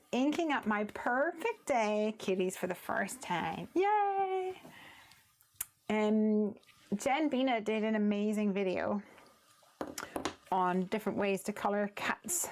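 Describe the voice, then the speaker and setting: Slow-talking chatty woman card crafter. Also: medium pitch, slight background noise. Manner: chatty, talks through each step while working. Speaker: craft livestream host. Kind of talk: casual crafting livestream chat.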